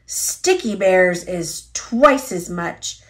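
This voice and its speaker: A woman doing a gruff grumbling taxi driver. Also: lowish voice, expressive, drawn-out words, voice pushed down. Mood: grumpy. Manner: growling, bitter complaints.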